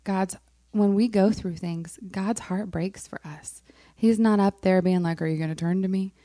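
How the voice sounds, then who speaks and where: A woman, a worship leader sharing a personal faith testimony in a soft-spoken way with frequent ums. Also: mid-range voice, steady tone, moderate pace, dry recording, clean studio sound. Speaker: worship leader on a moms' panel. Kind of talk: casual heartfelt testimony.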